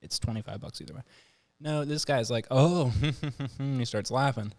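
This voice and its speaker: Speaking briskly at a medium pitch, this podcast host spins a story in relaxed conversation and performs the voices of its characters.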